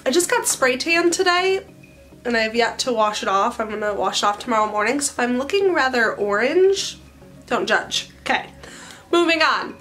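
A woman's voice: a little high, very animated, moderate pace, a bit bright, faint music behind. A woman in her twenties, a hairstylist chatting casually in a bubbly, self-mocking way for a vlog. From Central Illinois. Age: 20s.

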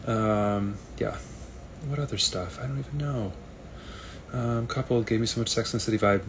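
A man answers fan questions on a casual live video stream, reading comments aloud in an easygoing, rambling manner. His voice is low and gravelly, with a faint hiss beneath it. The delivery is chatty and unhurried.

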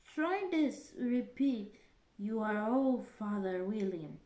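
A woman voicing a stern caterpillar who is quick to anger, speaking in curt, questioning lines for a storybook reading. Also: mid-range voice, expressive, darkish tone, echoey room.

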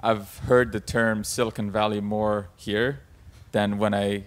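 Male moderator, low and monotone, measured questions on a festival panel. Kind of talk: panel discussion. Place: festival stage.

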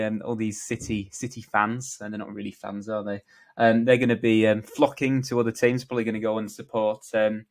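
A man's voice: mid-range voice, low-quality recording. A male vlogger talking casually through sports predictions, offhand and joking, with lots of "um" and "uh". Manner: offhand, joking, many fillers.

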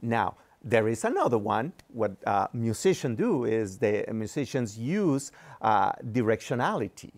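Patient, measured man explaining technical topics. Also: mid-range voice, big pitch swings. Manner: patient explaining, frequent fillers. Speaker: engineering executive guest. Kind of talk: explaining in an interview.

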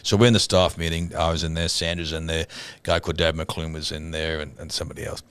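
A man in his sixties with an Australian accent, a pastor co-hosting a show, telling a long funny story in a casual, animated way and often laughing. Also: extremely low pitch, quick pace, smooth.

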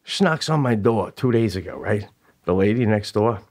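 A man's voice: lowish voice, animated, moderate pace, darkish tone. A man co-hosting a podcast who tells stories in casual chat, swearing freely and laughing often. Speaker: podcast co-host.

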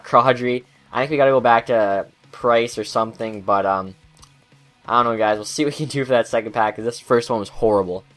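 A young man hosting a gaming video, commenting on pack openings, getting hyped and then cursing his bad luck. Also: mid-range voice. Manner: excitable, swearing, groaning at bad luck. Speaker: gaming channel host.

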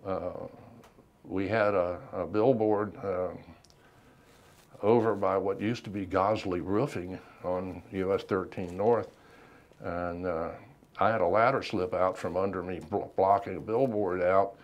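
Low-voiced older man, slow and reflective. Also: fairly even intonation, muffled recording. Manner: unhurried, reflective, many ums and pauses. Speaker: veteran interviewee. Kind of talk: oral history interview.

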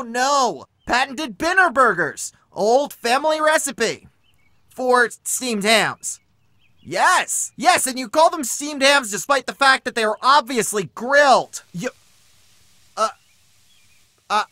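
A man's voice: very high-pitched, sharp tone, no echo, pitched above the performer's own voice, heavily acted. A man voicing a manic triangle dream demon who has possessed people, in a gleeful, mocking fan comedy dub. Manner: gleeful, mocking, over-the-top.

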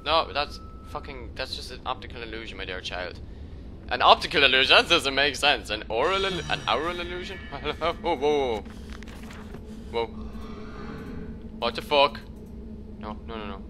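A young man giving casual gameplay commentary as a let's play host, joking, swearing often and reacting loudly when startled. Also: mid-range voice, expressive, moderate pace, long pauses, background noise. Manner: jokey, swears a lot, loud startled reactions.

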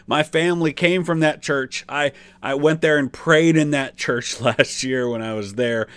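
A man's voice: on the high side, measured pace, fairly bright tone, smooth, no echo. A man hosting a reaction video, chatting casually with lots of fillers and restarts as he explains things. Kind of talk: casual commentary.

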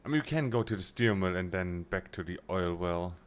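A man's voice: deep voice, animated, fairly quick, clean tone. A young man streaming a train game, thinking aloud in a casual, muttering way as he plans his jobs, with small restarts. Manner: muttering to himself while planning, with short restarts. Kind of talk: casual let's-play commentary.

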